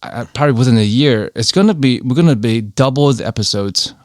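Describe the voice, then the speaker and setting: A man's voice: medium pitch, fast talker, dry recording, studio quality. A man with a New York accent, co-hosting a podcast in casual chat and swearing freely. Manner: swears freely, animated storytelling. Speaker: podcast co-host.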